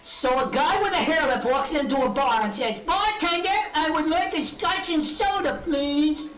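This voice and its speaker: A woman's voice: high voice, lively intonation, moderate pace, fairly bright tone, roomy sound, faint music behind. A woman voicing a wisecracking puppet comedian who tells bar jokes and mimics the characters in them. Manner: joke-telling, mimics bar patrons with shifting voice.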